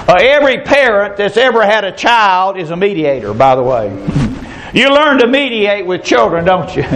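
A man preaches a sermon with a folksy, storytelling manner. His voice sits high for a man, and he slips into the voices of the people in his anecdotes. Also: fairly bright tone, rough recording. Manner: folksy, storytelling, acts out characters in stories.

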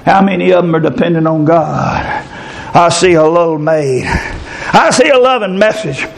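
A man preaching a sermon, often shouting and rising into fervent cries. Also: high-pitched.

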